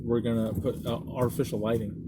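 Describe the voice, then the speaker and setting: A young man chatting as podcast co-host inside a moving car, telling animated, profane stories. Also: medium pitch, fast. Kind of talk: casual chat. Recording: loud car road noise.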